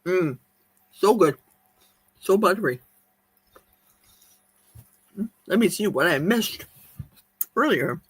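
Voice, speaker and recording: Woman live-streaming, casual chat while eating, slightly husky voice, dry close sound. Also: lowish voice, lively intonation, slow, pauses often, dry recording. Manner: chatty, reads viewer comments aloud, talks with mouth full. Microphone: streaming mic.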